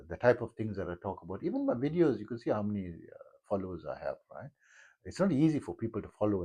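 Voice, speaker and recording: Husky-voiced man rambling on. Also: on the low side, mellow. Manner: meandering, many fillers and restarts. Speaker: yoga teacher. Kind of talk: rambling personal monologue.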